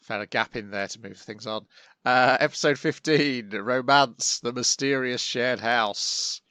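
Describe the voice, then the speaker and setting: Man, mid pitch, podcast host, wry, brisk, dry close sound. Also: sharp tone, clean tone, no echo. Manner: brisk, wry, moves topics on. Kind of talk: casual anime discussion.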